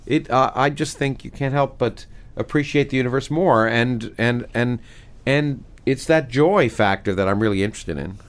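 A middle-aged male physicist and author being interviewed, talking with animated enthusiasm and many restarts. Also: mid-range voice, moderate pace, few pauses. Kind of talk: conversational interview, reading aloud from his book.

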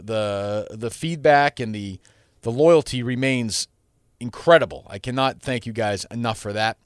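A man's voice: mid-range voice, fairly bright tone, no room sound, studio quality. A man hosting his own podcast, talking alone in a rambling, blunt style with frequent restarts and some profanity. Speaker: podcast host. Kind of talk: solo podcast monologue.

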